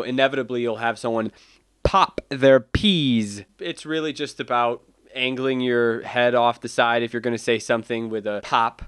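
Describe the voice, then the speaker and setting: A man's voice: medium pitch, a bit bright, clean tone. A man, an independent animator, talking casually and explaining his process into a cheap desk microphone at home. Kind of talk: casual vlog talk.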